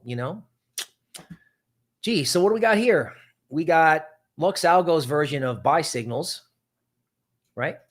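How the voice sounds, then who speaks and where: A man hosting a live crypto market stream, talking in an animated, sardonic way with quick asides and mocking voices. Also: mid-range voice. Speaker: crypto market livestream host.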